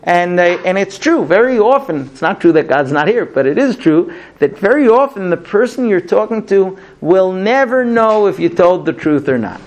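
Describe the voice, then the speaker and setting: Gravelly-voiced man teaching a class. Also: fairly high pitch, a little mellow. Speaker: religious teacher. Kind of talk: storytelling Torah class.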